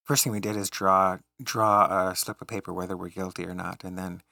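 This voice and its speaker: A man's voice: low-pitched, level tone, brisk, vocal fry, bright, forceful tone, dry recording. A man co-hosting a podcast in casual chat, telling stories and laughing often. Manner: chatty storyteller who laughs often. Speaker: podcast co-host.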